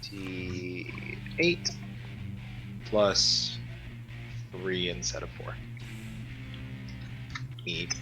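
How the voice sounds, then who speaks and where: A man's voice: low voice, little pitch movement, extremely slow, long pauses, music in the background, low-quality recording. A man playing a tabletop game, matter-of-fact as he declares attacks and reads out rolls. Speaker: player. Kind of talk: casual tabletop game play.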